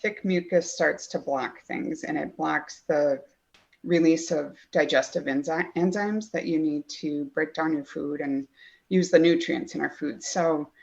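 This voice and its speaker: A low-pitched middle-aged woman with a gravelly edge to her voice, telling her story as a guest in earnest detail. The recording sounds dull and lo-fi. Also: fairly even intonation, measured pace, a little mellow. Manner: earnest, detailed storyteller who acts out quoted dialogue. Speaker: guest, mother of a child with a chronic illness. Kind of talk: personal storytelling in a podcast interview.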